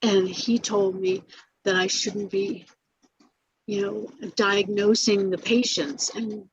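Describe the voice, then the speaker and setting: A woman's voice: medium pitch, steady tone, takes it slowly, slight background noise, rough recording. An older woman being interviewed about her acting career, telling stories with many restarts, fillers and laughs. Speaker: actress interviewee. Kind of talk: casual interview recollection.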